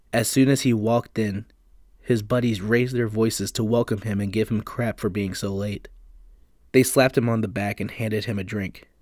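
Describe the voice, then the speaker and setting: A man narrating a horror story in a measured, hushed storytelling manner. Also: fairly low pitch, dry recording, clean studio sound. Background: faint background music.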